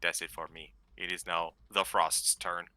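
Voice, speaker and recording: A man's voice: deep voice, flat delivery, normal speed, bright, forceful tone, no room sound. A man making announcements to the audience in a playfully dramatic way. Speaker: player announcing a campaign. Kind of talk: casual stream announcement.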